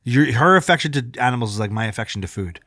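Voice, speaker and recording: A man in his thirties co-hosting a podcast, telling a long story in casual chat, animated, swearing freely and acting out what people said. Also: medium pitch, quick pace, no room sound, clean studio sound. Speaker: podcast co-host.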